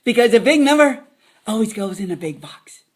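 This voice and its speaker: A woman's voice: fairly high pitch, big pitch swings, normal speed, a little mellow, husky. A woman giving a playful math lesson to children, dropping silly jokes as she counts. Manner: silly, joking asides.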